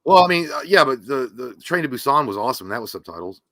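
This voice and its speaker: Guy cohosting a movie news stream, bright forceful voice, swears a lot, rambly, dry close sound. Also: medium pitch, very animated, fast, no room sound. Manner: crude, joking, rambling with many fillers. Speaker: podcast co-host. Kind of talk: casual livestream chat.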